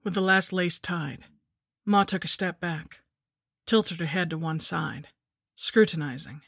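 A woman narrating a scripted horror story in a measured, somber way. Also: lowish voice, vocal fry, a bit bright, no room sound, clean studio sound.

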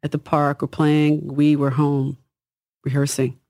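Husky-voiced woman singer, dry sound. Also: flat delivery, a little slow, darkish tone, dry recording. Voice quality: husky, low-toned. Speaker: singer, guest. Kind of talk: casual interview talk.

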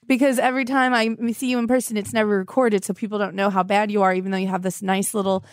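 A woman's voice: medium pitch, level tone, fast, dry recording, clean studio sound. A young woman hosting a comedy podcast, talking in a melodramatic, accusatory, whiny way. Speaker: podcast host. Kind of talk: improvised comedy phone call.

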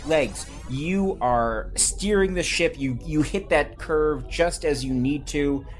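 Game master, man; mid-pitched, slow, halting narration, faint music under.

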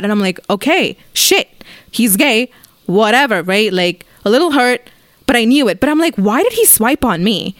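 A woman's voice: a little high, lively intonation, normal speed, dry recording. Blunt, profane young woman ranting. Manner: blunt, profane, lots of "like" fillers, acts out friends' voices. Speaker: podcast host. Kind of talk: candid storytime rant.

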